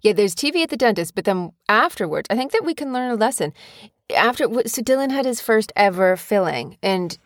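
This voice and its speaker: A woman's voice: medium pitch, fairly quick, dry recording, studio quality. A woman, co-hosting a casual chat with her young son and turning stories into lessons. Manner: animated storytelling, teaching tone. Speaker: podcast co-host, mother. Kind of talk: casual parent-child chat.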